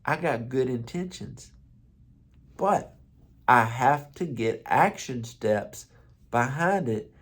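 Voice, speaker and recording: A man's voice: mid-range voice, animated, slow, pauses often. A man who is a pastor, giving a conversational motivational morning talk with stories and repeated words.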